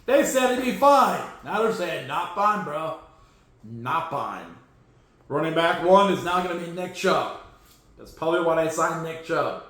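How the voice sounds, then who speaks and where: A man with a high voice talks football news in a loose, sarcastic way, jumping from loud jabs to muttered asides. His voice rings around a very echoey room. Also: animated, normal speed. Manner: sarcastic, joking, swings between loud outbursts and low mutters. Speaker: podcast host. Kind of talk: casual sports commentary.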